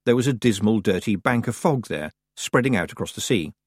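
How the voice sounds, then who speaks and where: Expressive male audiobook narrator. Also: on the low side, fairly quick, breathy edge, no room sound, studio quality. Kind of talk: scripted narration.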